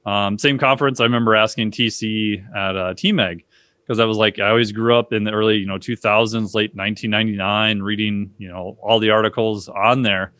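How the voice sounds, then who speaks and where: Animated man telling stories, dry close sound. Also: brisk, no room sound. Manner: animated, acts out quoted voices with big pitch jumps. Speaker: podcast guest. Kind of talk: casual conversational storytelling.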